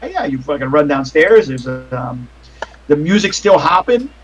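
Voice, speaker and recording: A man's voice: fairly high pitch, big pitch swings, moderate pace, lo-fi sound, a crowd in the background. A man narrating as game master over a call, rambling with restarts and casual swearing. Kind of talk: narrating a tabletop horror game.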